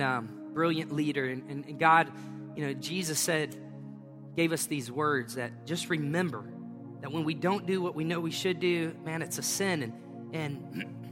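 A middle-aged man preaching a conversational sermon as pastor, emphatic and folksy, repeating his phrases. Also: a little high. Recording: reverberant hall with faint music.

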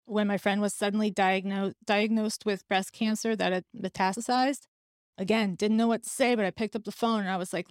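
Podcast host, woman, 30s, candid and chatty, mid-pitched voice, dry sound. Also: steady tone, brisk, clear, resonant tone, no echo. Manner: candid, conversational, laughs now and then. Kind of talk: personal storytelling.

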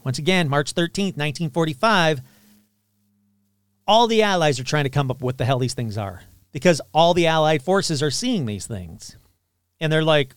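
Lively, clear-voiced male podcast host. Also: a little high, moderate pace, dry recording, studio quality. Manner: animated, irreverent asides, frequent fillers. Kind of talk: casual storytelling podcast.

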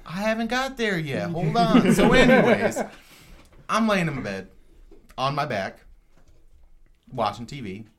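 A man's voice: fairly high pitch, big pitch swings, unhurried, a crowd in the background. A young adult man telling a story in casual podcast chat, rambling, profane and self-mocking. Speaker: podcast co-host.

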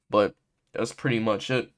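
A young man hosting a podcast, casually telling a story in heavy slang and laughing often. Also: fairly low pitch. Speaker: podcast host.

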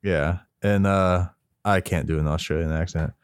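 A man co-hosting a casual talk about a movie, relaxed and swearing often. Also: sits low, moderate pace, smooth, dry recording, clean studio sound. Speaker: podcast co-host.

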